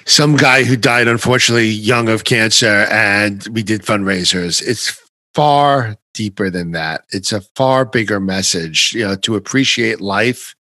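A male podcast host talking in a casual, animated and emphatic way. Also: on the low side, no echo. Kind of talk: casual conversation.

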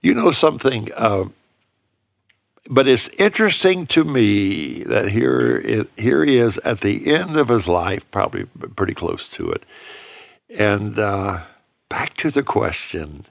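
Older man with a low gravelly voice. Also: very animated, unhurried, no room sound, clean studio sound. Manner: reflective, earnest storyteller. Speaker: pianist and songwriter. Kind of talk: casual conversation.

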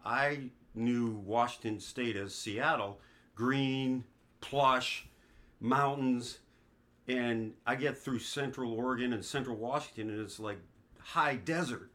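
A man's voice: medium pitch, slow pace, a bit bright. A man in his fifties from the American East Coast, telling long anecdotes as a guest in a casual chat. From East Coast of the United States. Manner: leisurely anecdotal storyteller who acts out others' lines. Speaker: guest, father of the host.

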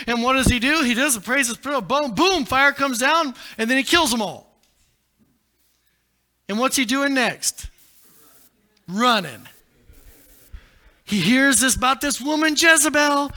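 A male pastor preaching a sermon in a dramatic way, rising to shouts and dropping low.

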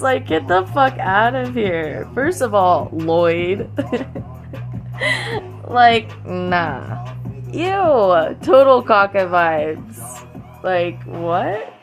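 A young woman doing a casual comic monologue, swearing, joking and laughing often between many fillers. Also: on the high side.

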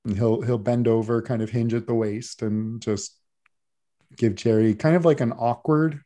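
A man's voice: mid-range voice, steady tone, normal speed, mellow. A man narrating a tabletop role-playing game as game master in an easygoing, descriptive way.

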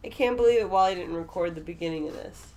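A woman's voice: on the low side, quick pace, warm tone. A drunk woman co-hosting a podcast, bantering playfully and teasing, her words a little slurred. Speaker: podcast co-host. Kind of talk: casual late-night banter.

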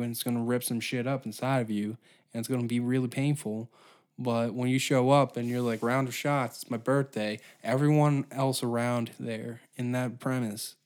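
A man's voice: mid-range voice, darkish tone. Twenties male podcast host with a profane, sarcastic rant. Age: 20s. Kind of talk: solo comedy podcast rant.

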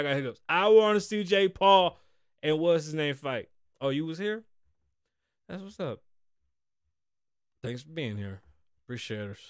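A man in his forties holds forth on his podcast with profane, animated trash talk. His voice sits fairly high for a man. The sound is dry and close. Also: no echo. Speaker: podcast host. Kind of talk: casual podcast chat.

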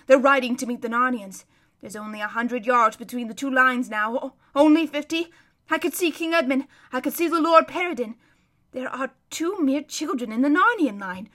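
A woman's voice: high-pitched, moderate pace, a bit bright. A woman voicing an old male hermit who describes a distant battle as a vivid, emphatic running commentary. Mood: urgent.

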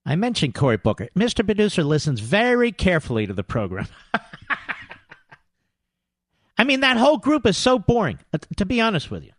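A man's voice: sits high, wildly swooping pitch, fairly quick, pauses often, dry recording, clean studio sound. A man hosting a political talk radio show, combative and sarcastic, mocking his targets as he talks.

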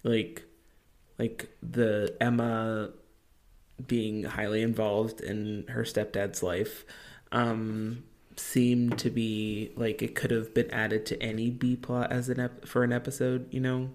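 A woman's voice: a bass voice, level tone, slow pace, a little mellow. Late-20s woman podcast cohost, rambly and laughy, lots of likes. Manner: rambling, filler-heavy, laughs easily. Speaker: podcast co-host. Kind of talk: casual chat.

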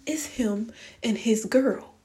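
A woman's voice: fairly high pitch, slow, mellow. A young woman telling viewers a story in a casual storytime rant, blunt, profane and exasperated. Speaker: vlogger.

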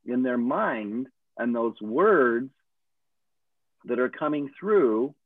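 A man's voice: mid-range voice, dry recording. A man, a coach, giving earnest and encouraging advice in a casual chat. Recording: tinny phone-like line, dry.

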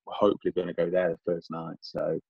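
A middle-aged English man with a very low voice and a dry, close sound that is a little dull and muffled. He rambles in casual chat, circling back and repeating himself with plenty of fillers. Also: monotone, fast, vocal fry, husky, no echo. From England. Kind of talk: casual chat over a call.

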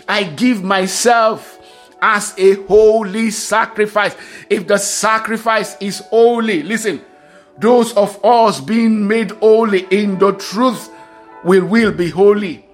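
A man preaching a sermon, reading scripture aloud and repeating key phrases with emphasis. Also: high voice.

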